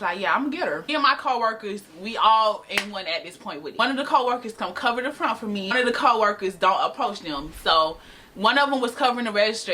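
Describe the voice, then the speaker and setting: A young woman telling a casual, animated storytime to camera, slangy and laughing often. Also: mid-range voice, slight background noise. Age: young adult. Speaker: storytime vlogger. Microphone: camera mic.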